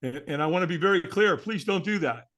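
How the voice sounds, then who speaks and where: Bright-voiced man telling his story earnestly. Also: a little high, expressive, quick pace. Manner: earnest, candid, often adds "man". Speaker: guest. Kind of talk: personal storytelling in an interview.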